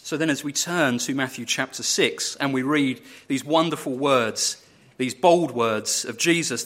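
Bright-voiced man preaching a sermon. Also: mid-range voice. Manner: earnest, measured, building emphasis through repetition. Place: church.

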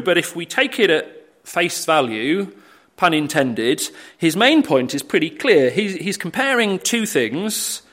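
A man's voice: a little high, fairly bright tone. A man preaching a sermon, earnest, with frequent fillers and tag questions like "isn't it". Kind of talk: sermon on a Bible passage.

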